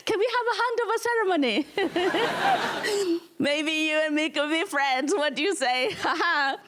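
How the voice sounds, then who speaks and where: A woman's voice: very high voice, animated, a little slow, noisy background. A woman voicing a man who stole a laptop, pleading in a wheedling way.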